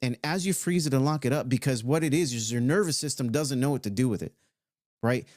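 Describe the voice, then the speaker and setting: A man's voice: mid-range voice, darkish tone, no echo. Laid-back male self-help speaker, mid-range voice, conversational and slangy, dry close recording. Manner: loose and conversational, with swearing and slow stretched-out phrases. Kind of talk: casual motivational talk.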